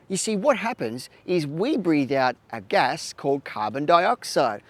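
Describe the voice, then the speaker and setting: A man's voice: fairly high pitch, big pitch swings, measured pace. A man with an Australian accent hosting a children's show, talking to kids in a playful, exaggerated way. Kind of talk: educational talk to kids.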